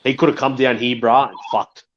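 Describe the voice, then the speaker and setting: A man's voice: mid-range voice, steady tone, brisk, a little hiss or hum. A man in rambling, profane chat, calling everyone bro. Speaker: stream chat guest. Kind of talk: casual crude banter. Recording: dull lo-fi call audio.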